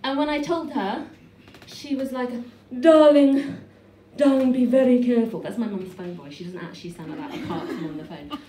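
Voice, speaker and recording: A pregnant woman in her thirties performing a stand-up comedy set on a small club stage, with a dry, self-deprecating delivery full of quick restarts. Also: medium pitch, a little mellow. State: heavily pregnant. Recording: echoey club room from far off, noisy.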